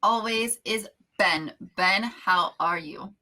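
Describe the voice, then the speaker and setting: Woman host for a casual chat podcast, bright and upbeat, easy laugh. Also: medium pitch, slow. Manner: upbeat, chatty, laughs easily.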